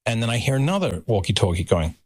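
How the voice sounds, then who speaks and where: A man telling a story as a podcast guest, animated and acting out voices. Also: fairly low pitch, quick pace. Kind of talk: anecdotal storytelling.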